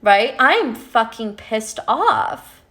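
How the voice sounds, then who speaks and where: On a casual livestream, a love and spiritual coach talks candidly to her viewers, swearing freely and often closing her points with "right?". Her voice is on the high side and fairly bright, very animated yet extremely slow.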